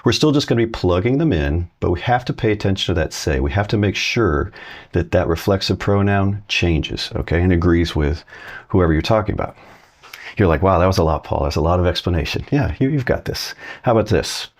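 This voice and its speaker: Low-voiced male language teacher, relaxed and encouraging, clear slow examples. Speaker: Spanish teacher. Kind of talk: casual video lesson.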